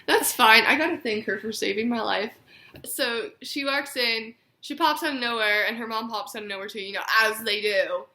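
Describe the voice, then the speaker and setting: A young woman chatting excitedly with a friend, gushing as she recounts a meet-and-greet. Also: a little high, normal speed. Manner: gushing, excitable, talks over her friend. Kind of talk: casual chat. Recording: echoey room.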